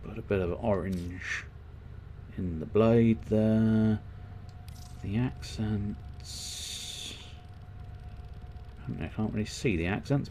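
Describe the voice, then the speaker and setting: A low-pitched man talks through his game in a loose stream of thought and swears now and then. He hosts his own stream in a casual commentary style, with a faint hiss behind him. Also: a little mellow. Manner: thinks aloud while customizing, rambling and swearing. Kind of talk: casual let's-play commentary.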